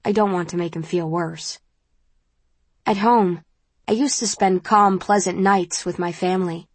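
A woman reads a first-person novel aloud in a calm, measured manner. Her voice sits on the lower side. The recording is close and completely dry. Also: breathy edge, no echo. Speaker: audiobook narrator.

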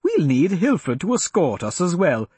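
A man's voice: sits high, huge pitch swings, a little slow, darkish tone, breathy edge, dry recording, pitched above the performer's own voice, full character voice. Man putting on a fussy old woman chaperone. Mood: insistent.

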